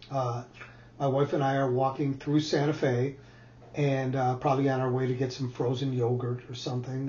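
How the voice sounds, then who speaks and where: A middle-aged man with a somewhat high voice tells a reflective personal story. He talks casually, with fillers, and acts out the dialogue. The recording is echoey and a bit dull. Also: a little mellow. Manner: conversational, many fillers, acts out quoted dialogue. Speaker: speaker telling a personal story.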